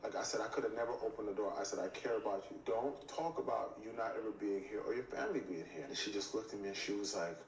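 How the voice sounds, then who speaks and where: A man telling an animated story, acting out both sides of the conversation with lots of "I was like". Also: lowish voice, fast talker, hardly any pauses, slight background noise. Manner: acts out both sides of the dialogue, often repeating "I was like". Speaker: reality TV cast member telling a story. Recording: echoey room, mic at a distance, faint ambience.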